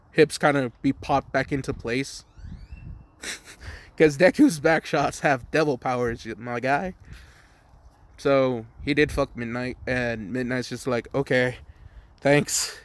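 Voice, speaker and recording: Young man, casual fan-story telling, crude and rambling, swears freely. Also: medium pitch. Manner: rambling, crude, swears often, laughs at own jokes.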